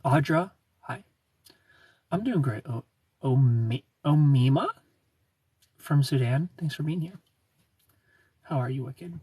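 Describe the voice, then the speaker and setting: A man hosting a casual livestream, greeting viewers by name and answering their comments in a relaxed, chatty way. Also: mid-range voice, takes it slowly, long pauses, distant mic, a little hiss or hum. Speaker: livestream host.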